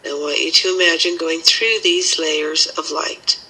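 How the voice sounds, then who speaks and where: Woman, healing teacher, guided meditation, soothing, breathy edge. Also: low-pitched, steady tone, pushed and bright, low-quality recording. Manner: slow, soothing guiding instructions.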